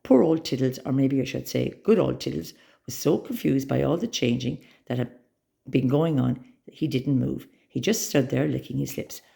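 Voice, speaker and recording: A woman reading a children's story aloud with expressive, dramatic storytelling. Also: rumbling low, moderate pace, vocal fry.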